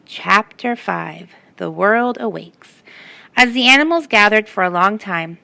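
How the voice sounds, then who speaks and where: A woman's voice: medium pitch, animated, unhurried, vocal fry, sharp tone, no room sound. A woman reading a picture book aloud to children and stopping to ask them questions. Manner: asks the listeners questions. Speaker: storyteller.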